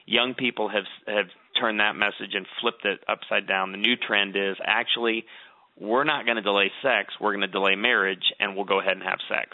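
A man's voice: fairly low pitch, steady tone, fairly quick, no room sound. A middle-aged man giving earnest advice, telling stories with emphasis in a conversational talk. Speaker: guest author. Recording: tinny phone-like line.

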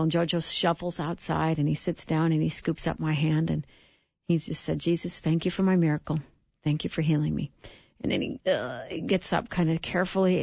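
A woman's voice: deep voice, gravelly, no echo, dull audio. A middle-aged woman telling a personal faith testimony, vividly acting out the quotes. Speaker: speaker giving a testimony.

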